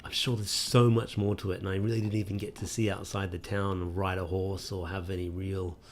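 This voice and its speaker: A man casually commentating a game he is playing, talking in a wry, relaxed way with plenty of fillers. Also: sits low, brisk, slight background noise. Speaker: let's play host.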